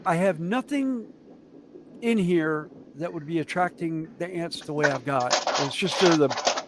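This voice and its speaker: A man with a Southern US accent, hosting a relaxed, rambling chat while he builds model kits. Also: a little high, unhurried, background noise. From southern United States. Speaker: stream host.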